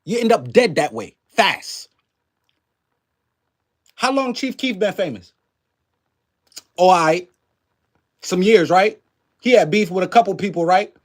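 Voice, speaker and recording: A man's voice: sits high, animated, a little slow, long pauses. A man hosting a livestream and giving casual, emphatic commentary to his chat, heavy on slang, profanity and rhetorical questions.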